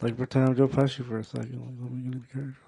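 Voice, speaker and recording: A male stand-up comedian doing a set, loud and profane, working the crowd. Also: medium pitch, level tone, racing, vocal fry, breathy edge. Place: comedy show stage.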